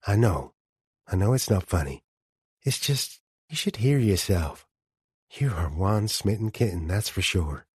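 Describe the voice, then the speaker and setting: A man's voice: fairly low pitch, animated, measured pace, darkish tone, husky, no echo, studio quality, full character voice. A man voicing a blunt, affectionate woman friend who teases and reassures in an audiobook. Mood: amused. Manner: frank, teasing, reassuring. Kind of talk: audiobook character dialogue.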